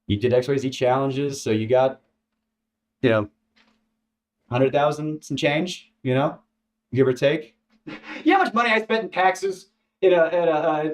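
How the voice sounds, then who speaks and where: A man telling a personal story in a casual, halting way, repeating words and acting out what others said. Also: mid-range voice. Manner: halting, repeats words, lively quoting voices. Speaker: former contestant telling his story.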